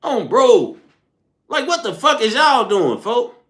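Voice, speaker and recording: A man's voice: very high-pitched, big pitch swings, slow, fairly bright tone. A man streaming a casual, profane rant, rambling in slang and calling his listeners "folk" and "bro". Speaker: streamer hosting a morning smoke session.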